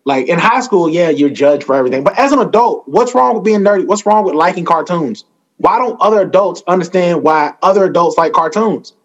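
A man doing a stand-up set, telling self-mocking stories in an animated way. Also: high voice, brisk, muffled recording. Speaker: stand-up comedian.

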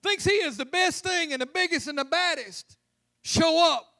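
A man's voice: very high voice, moderate pace, bright, forceful tone. A man preaching a humorous, conversational sermon as pastor in a church. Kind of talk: lively sermon. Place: church sanctuary.

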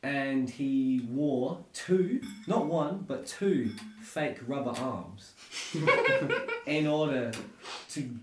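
A man's voice: medium pitch, wildly swooping pitch, extremely slow, far from the mic, a little hiss or hum. Swearing, laughing guy. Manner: swears freely, laughs often. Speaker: podcast co-host. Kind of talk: casual banter. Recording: roomy, off-mic sound.

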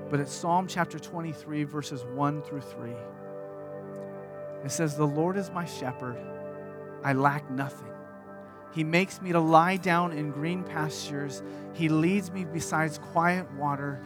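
A man in his thirties preaching a sermon as pastor, earnest, moving from hushed lines to animated storytelling. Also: on the high side, measured pace, over music.

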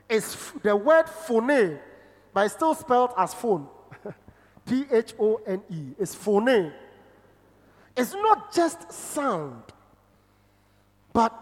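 An animated preacher, whose voice leaps across a wide range of pitch. The delivery swings from loud, emphatic exclamations down to low, quiet murmurs. Long reverberation from the hall trails behind every phrase. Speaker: pastor. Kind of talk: sermon.

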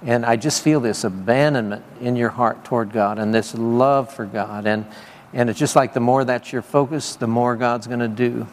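Medium-pitched with fairly even intonation, he speaks at a normal speed while preaching and offering prophetic words to people in a meeting. The tone is conversational, peppered with laughter and repeated praise, in informal charismatic ministry recorded in a church hall with long reverb and faint ambience.

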